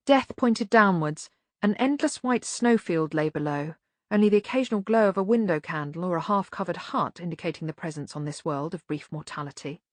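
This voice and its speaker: A woman reading an audiobook in measured, even narration. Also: on the low side, dry recording.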